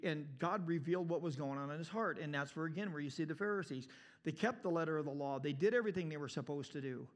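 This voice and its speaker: A male preacher delivers a sermon with an animated, storytelling drive. His voice sits high, and he swings from loud emphasis to hushed passages.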